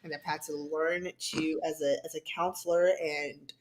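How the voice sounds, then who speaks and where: A woman co-hosting as a counselor and healer, chatting casually and acting out the people she quotes. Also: moderate pace. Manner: animated storyteller, acts out quotes with big jumps in pitch. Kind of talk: casual chat.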